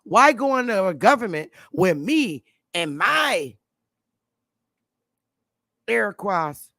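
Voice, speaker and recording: A woman from New England delivers an impassioned livestream monologue, blunt and profane. Her voice is gravelly and forceful. The sound is close and dry. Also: medium pitch, sing-song, takes it slowly, no echo. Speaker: livestream host.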